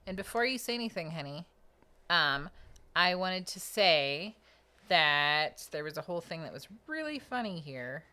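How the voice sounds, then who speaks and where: A woman's voice: sing-song, moderate pace, bright, forceful tone, clear, resonant tone. A sleepy, chatty woman co-hosting a live tool show, reading viewer super chats and thanking donors playfully. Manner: chatty, sings playful high dings for donations. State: sleepy, yawning. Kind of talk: casual live-stream chat.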